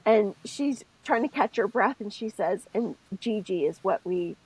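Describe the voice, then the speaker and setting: A woman's voice: medium pitch, normal speed, breathy edge, rough recording. A middle-aged woman co-hosting a podcast, telling stories and explaining things step by step in a casual chat. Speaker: podcast co-host.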